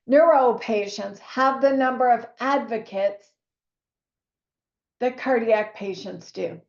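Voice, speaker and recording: A woman, a nurse telling a lively story to fellow nurses, acting out what others said. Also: fairly high pitch. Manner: animated storyteller who acts out quoted voices. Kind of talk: storytelling talk to an audience. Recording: echoey, slightly dull room recording.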